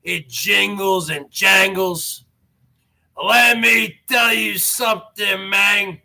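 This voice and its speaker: A man's voice: sits high, fairly even intonation, slow, vocal fry, bright, forceful tone. A man hosting a livestream show in a brash, boastful manner, taunting viewers. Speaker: show host. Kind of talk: livestream talk.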